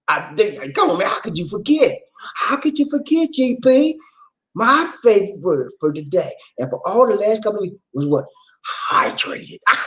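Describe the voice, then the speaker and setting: A man hosting a casual live-stream talk about relationships, animated, repeating phrases and calling out to his viewers. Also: high voice, low-quality recording.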